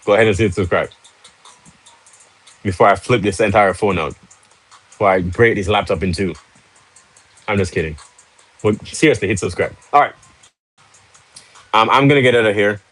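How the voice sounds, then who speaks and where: A man's voice: on the low side, normal speed, pauses often, a bit bright, rough recording. A man hosting a live stream, casual and pushy, urging viewers with rhetorical questions and joking with the chat. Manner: salesy, pushy, laughs easily. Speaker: livestream host.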